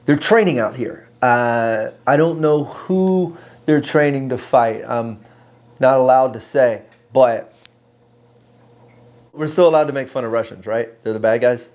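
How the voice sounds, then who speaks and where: A man's voice: mid-range voice, a little slow, a little mellow. A man hosting a travel vlog, narrating with a wry, joking manner. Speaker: host.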